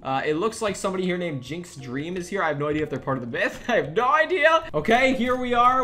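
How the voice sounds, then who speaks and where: A man doing excited, nervous gameplay commentary, reading lore aloud and giggling often. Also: fairly high pitch, brisk, hardly any pauses. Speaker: gaming YouTuber.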